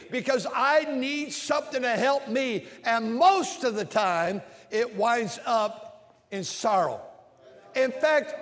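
A man preaching an impassioned sermon, swinging between shouts and quiet lines. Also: extremely high pitch. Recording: long hall reverb.

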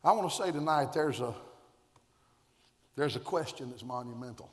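A male pastor preaching a sermon in a fiery, rhythmic way, repeating phrases and bursting into shouts, recorded in a reverberant hall. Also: medium pitch, lively intonation, normal speed.

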